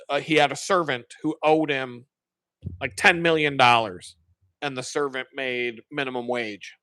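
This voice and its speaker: Bright-voiced man telling a rambling, profane story. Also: on the high side, dry recording. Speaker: live-stream host. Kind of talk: casual chat, retelling a sermon.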